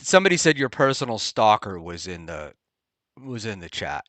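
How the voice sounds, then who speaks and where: A man hosting a casual talk show, rambling and halting with many ums and restarts. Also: on the low side, very animated, fairly bright tone, no echo. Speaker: podcast host. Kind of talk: casual chat. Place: Hoboken area, New Jersey.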